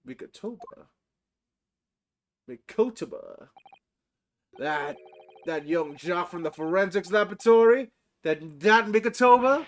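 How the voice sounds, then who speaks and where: A man's voice: high voice, measured pace, pauses often, slight background noise. A man voicing a blustering middle-aged prison governor with a Scottish accent, reading game dialogue aloud. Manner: brusque, blustering.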